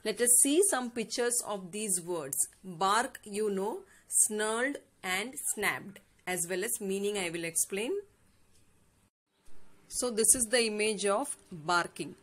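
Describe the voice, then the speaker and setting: In a classroom lesson, a woman teacher with an Indian English accent reads a fable aloud. She takes her time defining every word and checks understanding with "yes or no?" Her voice is medium in pitch with a fairly bright tone.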